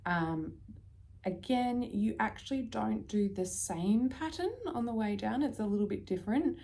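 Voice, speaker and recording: An Australian woman vlogging casually about her knitting, chatty and prone to dropping into soft, near-whispered asides. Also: medium pitch, unhurried, creaky. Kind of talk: casual chat.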